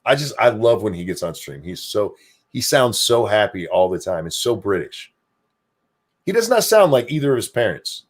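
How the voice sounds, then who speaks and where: Profane, animated older man hosting a stream. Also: lowish voice, moderate pace. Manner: profane, animated, self-deprecating. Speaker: streamer hosting a talk show. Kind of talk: casual chat.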